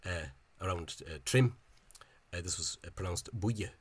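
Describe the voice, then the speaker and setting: A man explaining spelling in a casual, halting monologue. He is opinionated and often repeats words and fills gaps with hesitations. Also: deep voice, animated, a little hiss or hum. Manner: opinionated, dismissive of official spelling. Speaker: language enthusiast explaining spelling.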